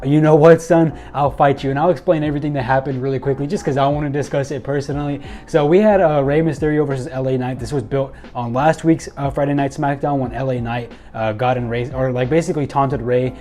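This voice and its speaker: A young man excitedly recapping and commenting on a wrestling show, acting out quoted lines and using many fillers. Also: mid-range voice, fast, few pauses.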